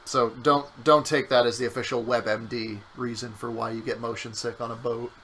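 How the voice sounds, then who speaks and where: A man's voice: medium pitch, flat delivery, fairly quick, a bit bright, slight background noise, low-quality recording. A man streaming a game with his partner, chatting casually and joking around, sometimes breaking into silly voices. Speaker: co-host playing a game on stream. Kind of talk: casual gameplay chat.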